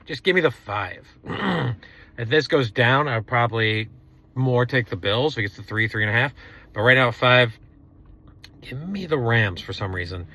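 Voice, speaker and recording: A man co-hosting a sports podcast, weighing his football picks out loud with some hesitation. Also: medium pitch, expressive, normal speed. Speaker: podcast co-host. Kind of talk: casual sports betting chat.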